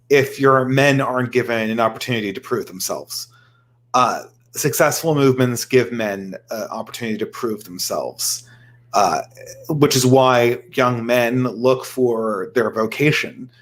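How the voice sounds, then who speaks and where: A man of middle pitch chats in a relaxed panel discussion, working through his points as he speaks. His delivery is conversational and unhurried. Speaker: panel guest. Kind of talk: casual discussion.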